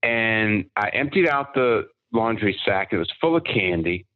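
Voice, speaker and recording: A man telling personal stories as a podcast guest, in an animated anecdotal way. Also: fairly low pitch, a little slow. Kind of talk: casual storytelling. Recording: tinny phone-like line.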